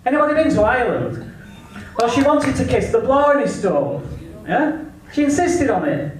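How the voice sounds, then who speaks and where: A man with an English accent delivers a cheeky, crude stand-up set at an unhurried pace. His fairly high voice leaps up and down to sell each punchline. He is heard from slightly off mic in a very echoey live room with faint noise behind. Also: very animated, far from the mic. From England. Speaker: stand-up comedian. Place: live comedy venue.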